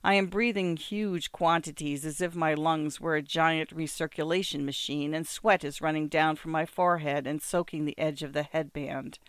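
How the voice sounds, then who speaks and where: A narrator giving a measured, descriptive first-person reading of a literary story. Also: mid-range voice, steady tone, fairly bright tone, dry recording, studio quality. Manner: measured, descriptive, smooth delivery.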